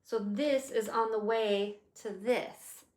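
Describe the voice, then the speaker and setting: A woman in her fifties chatting casually as she plans her day out loud, rambling and swearing now and then. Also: on the high side, steady tone, slow pace, roomy sound. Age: 50s. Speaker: vlogger. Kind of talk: casual day-planning chat.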